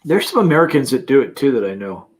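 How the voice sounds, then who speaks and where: A man's voice: mid-range voice, big pitch swings, fast, crowd noise. A Canadian man hosting a casual live-stream chat from his campervan, reading out viewer comments and laughing often. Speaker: livestream host.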